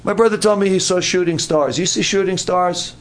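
A man's voice: high-pitched, fairly quick. A man preaching a sermon at a camp meeting, earnest and given to repeating his words.

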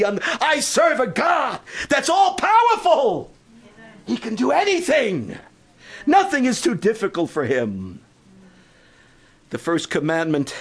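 Preaching a sermon in a voice that sits high, a man builds to drawn-out, shouted proclamations and then drops to a quiet, hushed appeal.

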